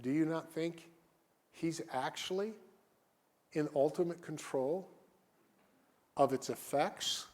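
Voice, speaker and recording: A man preaching a sermon as a guest pastor, reading scripture and then talking plainly to the congregation, rising at times to shouted cries. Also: on the high side. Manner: reads scripture slowly, then talks conversationally and rises to shouted cries. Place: church sanctuary.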